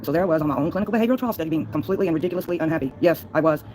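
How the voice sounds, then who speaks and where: A woman's voice: low-pitched, racing, darkish tone, slight background noise, poor audio. A woman livestreaming a long, folksy, rambling monologue, laughing between thoughts.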